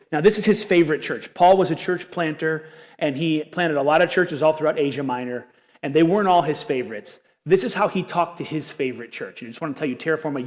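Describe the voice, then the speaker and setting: Earnest male pastor in a reverberant hall. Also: a little high. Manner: earnest, animated preaching with self-deprecating asides. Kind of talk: sermon. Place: church auditorium. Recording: long reverb of a church hall.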